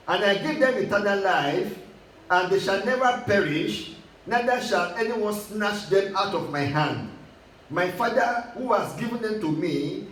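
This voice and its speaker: A man's voice: high voice, a bit bright. A man preaching a sermon, emphatic and repeating his phrases as he quotes scripture. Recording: echoey, distant mic with faint hiss.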